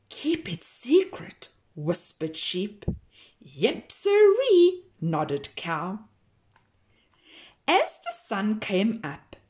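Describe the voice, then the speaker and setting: With a medium-pitched voice, a woman who teaches reads from a children's picture book, slow and full of storytelling expression.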